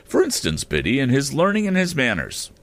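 A man reading aloud, voicing an earnest young man newly made a gentleman, eager and a little condescending. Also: medium pitch, wildly swooping pitch, fairly quick, voice pushed up.

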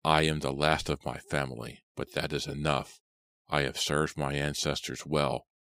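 A man reading an axe-wielding killer in a storybook, speaking slowly, calmly and menacingly. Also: very deep voice, dry recording, clean studio sound. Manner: slow, calm, menacing delivery. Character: murderous man with an axe, calm and gloating.

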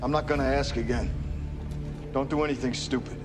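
An actor playing a ruthless renegade general who gives commands and shouts them down in a film scene. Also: male voice, medium pitch, fairly even intonation, fairly quick, over music, close to an everyday voice. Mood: stern, threatening. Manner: barked orders, rising to furious shouts. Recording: film clip with loud score behind.

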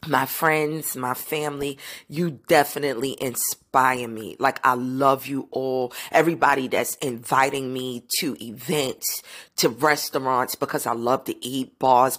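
A woman's voice: deep voice, a bit bright. A woman in her thirties hosting a podcast in candid, enthusiastic casual chat. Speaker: podcast host.

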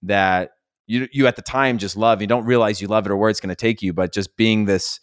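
A man's voice: on the low side, fairly even intonation, a little fast, dry recording, studio quality. A man telling rambling, nostalgic stories in a casual podcast chat. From California.

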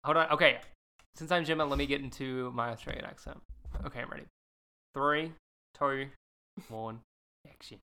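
A woman co-hosting a casual podcast, giggly and animated as she leads the chat. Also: extremely low pitch, normal speed, pauses often. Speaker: podcast co-host.

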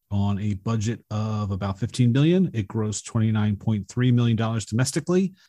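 Dark-voiced man reading film trivia. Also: lowish voice, no room sound, clean studio sound. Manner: measured, fact-reciting delivery. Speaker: podcast co-host.

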